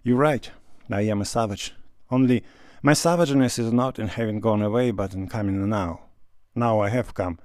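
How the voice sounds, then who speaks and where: A man voicing an earnest, awkward country gentleman who speaks bluntly. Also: fairly low pitch, normal speed, dry recording, studio quality, natural voice.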